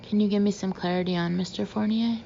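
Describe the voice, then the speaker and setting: A woman's voice: medium pitch, fairly even intonation, fast talker, vocal fry, dark tone, highs cut off, slight background noise, close to an everyday voice. A woman putting on a Southern-drawling bail-bond clerk. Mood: businesslike. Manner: convincing fake twang, businesslike.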